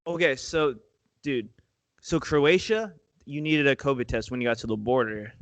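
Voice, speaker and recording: A man's voice: medium pitch, normal speed, fairly bright tone, dry recording. A young man co-hosting a podcast in casual chat, slangy and swearing often, calling his friend dude and bro. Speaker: podcast co-host.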